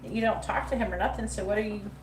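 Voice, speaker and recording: A woman's voice: mid-range voice, quick pace, noisy background. A woman hosting a live psychic reading, talking bluntly and profanely in a sassy, casual way. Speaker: psychic livestream host. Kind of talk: live tarot reading chat. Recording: echoey room, mic at a distance.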